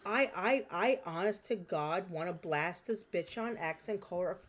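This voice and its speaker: A woman's voice: lowish voice, moderate pace. A woman co-hosting a podcast, ranting in a heated, heavily profane way. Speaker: podcast co-host.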